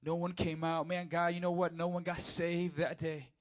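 In church, a young man preaches casually and with energy, alternating quiet asides and loud peaks as he talks straight to the crowd. He's a pastor with a fairly high pitch and a moderate pace.

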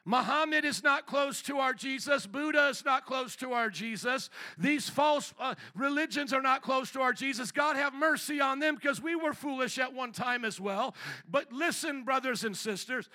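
A man preaching a fiery sermon, often shouting with force and at times dropping to a hushed, tender tone. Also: very high voice, moderate pace. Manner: drops to a hushed tone for tender passages.

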